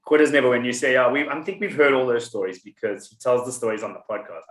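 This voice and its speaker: A man's voice: medium pitch, lively intonation, quick pace, a bit bright, roomy sound. A South African man hosting a podcast in casual chat, teasing with mock-formal emphasis. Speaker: podcast host.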